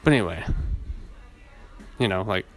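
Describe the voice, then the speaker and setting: Laid-back man with a low voice. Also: expressive, normal speed. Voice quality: naturally low voice. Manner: rambling, laid-back, swears often. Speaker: podcast host. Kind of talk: casual solo podcast monologue. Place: outdoors in a city, weed whacker nearby.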